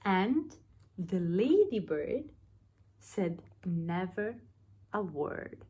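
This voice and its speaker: A woman reading a picture book aloud for young children, stretching her words slowly. Her pitch swoops widely and sits a little high, with a husky edge. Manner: expressive, drawn-out storytelling. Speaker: nursery teacher.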